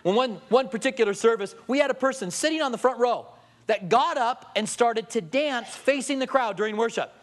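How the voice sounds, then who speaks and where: High-voiced pastor telling stories in a sermon. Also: male voice, a little fast. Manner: storytelling with jokes, lively acted-out quotes.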